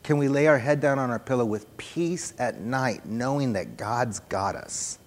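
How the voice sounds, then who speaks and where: A man preaching a sermon, soft-spoken and earnest, repeating phrases for emphasis, into a microphone on a church sound system. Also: mid-range voice, lively intonation, a little slow. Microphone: handheld or stand microphone on a PA. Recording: long hall reverb.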